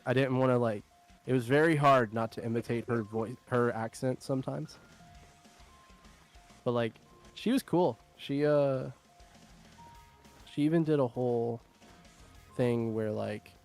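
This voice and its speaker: A young man chats casually on his stream, rambling through fillers and laughing often. His voice sits at an ordinary middle pitch. Soft music plays faintly underneath. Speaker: streamer host. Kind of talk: casual chat.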